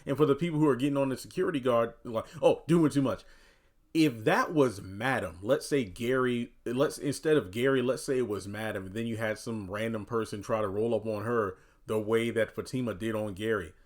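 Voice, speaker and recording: With a mid-range voice and few pauses, a man recaps a TV episode a little fast and informally, leaning on "you know" and "uh." When quoting characters, he voices them with animation.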